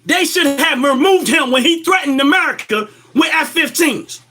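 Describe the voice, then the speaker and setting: A man's voice: extremely high pitch, normal speed, pushed and bright. A man giving impassioned political commentary, emphatic and lecturing, firing rhetorical questions at his listeners.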